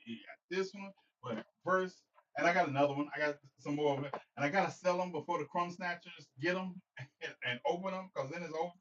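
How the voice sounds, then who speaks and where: A man's voice: on the high side, fairly quick, a bit bright, distant mic, slight background noise. A man hosting a casual livestream, joking and rambling as he talks to viewers by name. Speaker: livestream host. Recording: dull lo-fi sound, slightly off-mic.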